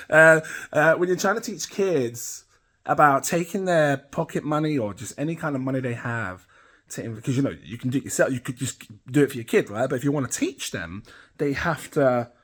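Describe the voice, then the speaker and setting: Brief: British man, middle-aged, higher-pitched, loose and rambling host to camera. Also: lively intonation, normal speed, fairly bright tone. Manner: rambling, chatty, laughs at himself. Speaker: crypto channel host. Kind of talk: casual talk to camera.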